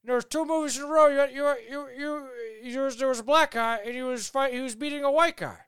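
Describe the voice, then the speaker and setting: A man's voice: extremely high pitch, fairly even intonation, fast, a bit bright, dry recording, clean studio sound, pitched above the performer's own voice. A man doing an impression of an elderly politician who stumbles and repeats words. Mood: rambling. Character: rambling elderly male politician.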